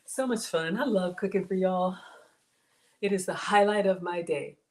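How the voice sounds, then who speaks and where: A woman in her forties with a mild Southern drawl hosts a casual cooking livestream. Her voice sits a little low, and she talks chattily, often calling the viewers y'all and thanking them. It sounds like relaxed, friendly talk as she works in the kitchen. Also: normal speed. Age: 40s. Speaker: home cook livestream host.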